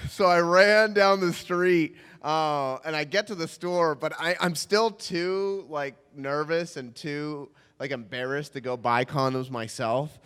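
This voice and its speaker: Young man, comic storyteller, high and gravelly, rambling, long hall reverb. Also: fairly bright tone. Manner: rambling, self-mocking, halting restarts.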